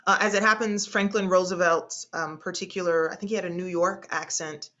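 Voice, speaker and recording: A woman speech instructor teaching an online class, hesitating often and slowly stretching out vowel sounds as she demonstrates them. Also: lowish voice, steady tone, sharp tone. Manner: hesitant, with frequent fillers and restarts.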